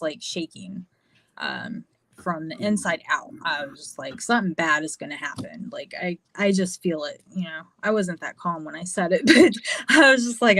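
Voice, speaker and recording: A woman's voice: on the low side, a bit bright, no echo. A woman from the United States, a podcast guest, telling a personal story in a candid, casual way, with frequent fillers and swearing.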